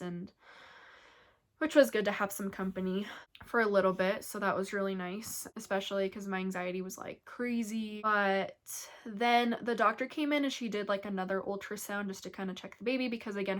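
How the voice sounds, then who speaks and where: Young woman vlogger, chatty storyteller, mid-pitched voice, lots of "like". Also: fairly even intonation, moderate pace. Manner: chatty, heavy use of "like", acts out quoted voices. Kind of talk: casual storytelling.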